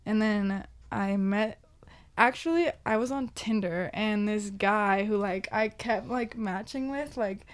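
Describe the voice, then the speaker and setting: A woman's voice: medium pitch, a little slow, smooth. A young woman from Southern California chatting casually as a podcast guest, rambling with many "like" fillers. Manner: rambling, lots of "like" fillers, giggly. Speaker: guest musician.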